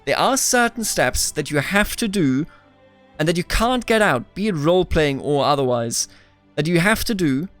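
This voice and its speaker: A man's voice: fairly high pitch, animated, moderate pace, a bit bright, faint music behind. Chatty young man narrating gameplay. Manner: chatty, talks back to game characters, playful. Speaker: let's play host. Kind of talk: casual gameplay commentary.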